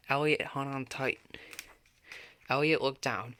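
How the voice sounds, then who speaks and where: A man reading a children's picture book aloud, lifting his voice for the characters' shouts. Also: measured pace, a little hiss or hum. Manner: lively read-aloud, pitching up for characters' shouts. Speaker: storybook reader.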